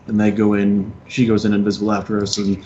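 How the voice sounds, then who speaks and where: A man's voice: lowish voice, monotone, fast talker, darkish tone. A man playing a tabletop game, casually rambling through plans with the group. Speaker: player. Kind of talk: tabletop game planning chat. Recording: dull lo-fi mic, faint noise.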